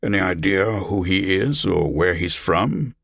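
A man voicing a grave older abbot who asks hushed questions in a storybook reading. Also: deep voice, lively intonation, a little slow, creaky, breathy edge, dry recording, clean studio sound, full character voice.

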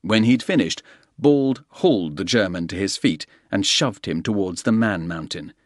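In a steady, brisk read, a low-voiced man narrates an action thriller as an audiobook narrator. The scripted recording is close and dry, without echo or any room sound.

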